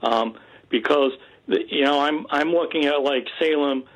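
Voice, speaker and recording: A man calling in to a radio show, speaking haltingly with frequent restarts. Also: fairly high pitch, low-quality recording. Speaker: caller. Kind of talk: radio call-in talk.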